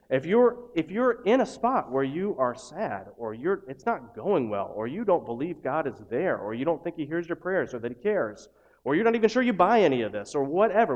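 A male pastor delivering a sermon in a relaxed, conversational manner. His voice sits at an ordinary middle pitch. He drops to a hush on some lines and rises loud and emphatic on others. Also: lo-fi sound.

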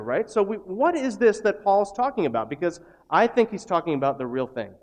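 A man preaching a sermon as a pastor, in a conversational way that swings from hushed, slow lines to loud, emphatic ones. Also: high-pitched, sing-song.

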